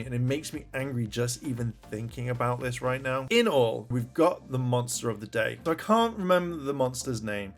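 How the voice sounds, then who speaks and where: A man casually reviewing a TV episode, rambling through the plot and swearing when he gets annoyed. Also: mid-range voice.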